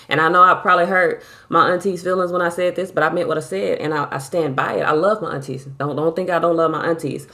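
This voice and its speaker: A woman with a lowish, slightly bright voice gives a casual tarot reading. She's blunt, emphatic, and heavily profane, with a distinctive way of speaking and a habit of repeating "you feel me."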